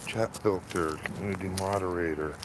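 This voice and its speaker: A man's voice: low voice, steady tone, normal speed, noisy background. A man chatting casually on a livestream while walking his dog through his neighborhood, rambling and calling everyone "man". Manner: rambling, repeats greetings, says "man" often. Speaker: livestreaming street auditor. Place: outdoors on neighborhood streets.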